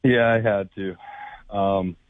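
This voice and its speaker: A man's voice: sits low, steady tone, slow pace, heavy background noise. A man calling in to a radio show, blunt and opinionated, lecturing with a lot of ums. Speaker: caller. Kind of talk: call-in conversation. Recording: phone line.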